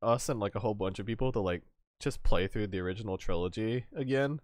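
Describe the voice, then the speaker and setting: A man's voice: lowish voice, fast talker, darkish tone, no room sound, studio quality. A man hosting a stream, chatting casually and laughing often between rambling, restarting sentences. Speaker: streamer host. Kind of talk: casual chat.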